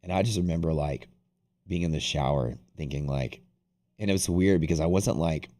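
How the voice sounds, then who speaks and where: A bass-voiced man with a dark tone speaks at a moderate pace while hosting a live trading stream. The chat is casual and meandering, full of profanity and frequent restarts.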